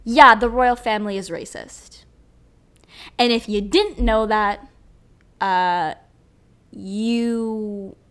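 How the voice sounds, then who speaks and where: Ranting young woman podcast host. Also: fairly high pitch. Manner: profane, animated, rambling. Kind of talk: solo podcast rant.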